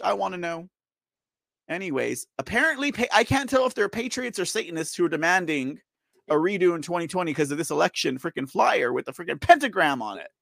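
A livestream news show host rants with exasperation during live commentary, reading viewer chat, laughing often and repeating himself. His high, sing-song voice is a little fast, creaky and fairly bright. The recording is dry with clean studio sound.

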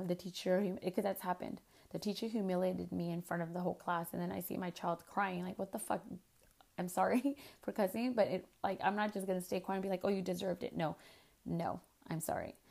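A woman's voice: on the low side, steady tone, fairly quick, creaky, a little mellow. Frank, rambling woman podcast host. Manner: frank, rambling, conversational with fillers. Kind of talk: casual podcast monologue.

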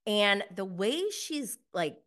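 Giggly woman doing a chill show recap, bright voice, slow easy pace, gushy and annoyed by turns. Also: medium pitch, big pitch swings. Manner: gushing, giggly and exasperated. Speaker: TV show reviewer. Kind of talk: casual recap review.

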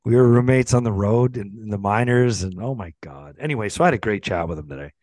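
A middle-aged man, a former hockey player hosting a podcast, telling a profane, animated story and acting out the quotes. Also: fairly low pitch, fast talker, dry recording. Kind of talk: casual storytelling chat.

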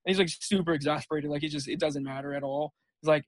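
On a podcast, a young junior college football player tells his stories in a relaxed, rambling manner, dropping "dude" and "like" throughout. His voice sits somewhat high for a man, and he talks fast with few pauses. The recording is dry and close.

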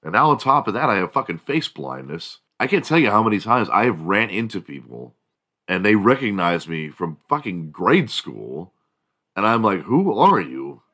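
A man's voice: lowish voice, sing-song, normal speed, bright, forceful tone. A man in his forties hosting a show, talking in a loose, rambling and profane way as he tells stories. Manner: profane, rambling, laid-back storytelling. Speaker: podcast host. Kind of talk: casual rambling monologue.

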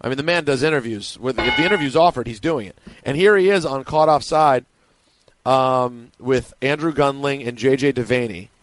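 A man's voice: mid-range voice, normal speed. A man hosting a sports radio show, playful and jokey, teasing his co-hosts in casual banter. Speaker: radio sports talk host. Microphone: studio mic through a mixer.

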